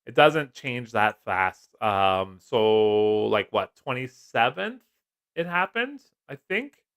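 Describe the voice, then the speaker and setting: Man, middle-aged, relaxed live-stream host who jokes and chats with viewers. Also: on the low side. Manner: chatty, jokey, laughs often, reads comments aloud. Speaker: livestream host. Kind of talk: casual live-stream chat.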